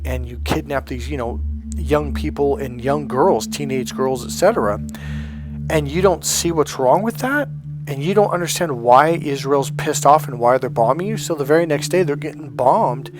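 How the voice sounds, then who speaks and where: A man giving a blunt, emphatic motivational monologue as a life coach, often acting out the voices he quotes. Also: medium pitch.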